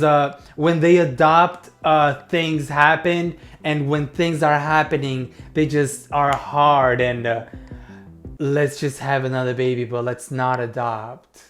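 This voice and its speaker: A man's voice: fairly high pitch, steady tone, a little slow, fairly bright tone. A young man in casual commentary who gets heated and curses, then apologizes. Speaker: commentary youtuber.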